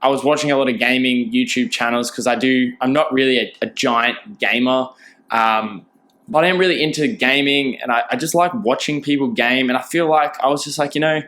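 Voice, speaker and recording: A man's voice: mid-range voice, a little fast, a bit bright. A young man hosting a casual solo podcast, chatty and rambling, with lots of fillers and restarts. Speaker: podcast host.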